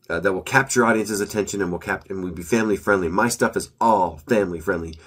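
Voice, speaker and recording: A man with a very low, deep voice gives a casual solo update, chatty and upbeat and prone to restarting sentences. A slight nasal stuffiness hangs on his speech from a recent cold and pollen allergies. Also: fairly quick. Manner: rambling, upbeat, self-correcting. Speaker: author giving a weekly update.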